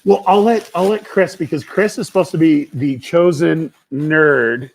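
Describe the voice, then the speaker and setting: Gravelly middle-aged man hosting a livestream. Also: a little high, a little slow. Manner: playful, jokey, rambling. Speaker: show co-founder and livestream host. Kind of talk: casual livestream chat. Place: on a film set.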